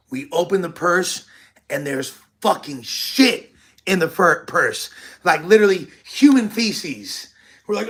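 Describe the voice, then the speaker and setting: A man's voice: a little high, moderate pace. A man in his thirties hosting a podcast, telling a tour story in casual, profane talk and acting out the quotes. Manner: profane, animated, acts out quotes.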